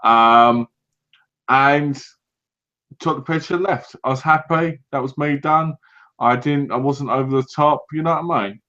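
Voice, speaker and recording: A British man co-hosting a casual podcast, telling lively anecdotes and acting out what other people said. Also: medium pitch, unhurried. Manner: animated anecdotes, acts out other people's lines. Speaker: podcast co-host. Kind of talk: casual chat, storytelling. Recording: dull lo-fi recording.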